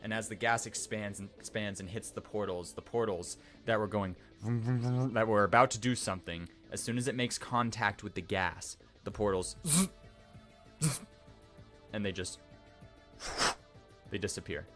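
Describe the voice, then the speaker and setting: A man's voice: fairly low pitch, normal speed, long pauses, a bit bright, soft background music. A man narrating a tabletop game as dungeon master, rambling loosely and making sound effects.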